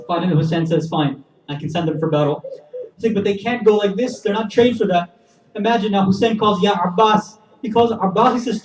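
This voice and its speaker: Male preacher, emotional storytelling sermon, high voice, recorded from afar in a roomy hall. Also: brisk. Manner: builds from hushed to impassioned, addresses audience directly. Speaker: speaker at a religious gathering. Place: community center hall. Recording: echoey hall, voice from a distance.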